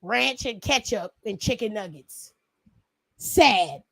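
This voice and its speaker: A woman's voice: medium pitch, slow pace, creaky, dry recording. A woman from Cleveland doing a casual, profane and sassy recap of a wrestling show. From Cleveland, USA. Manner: sassy, profane, animated storytelling. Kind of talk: casual commentary.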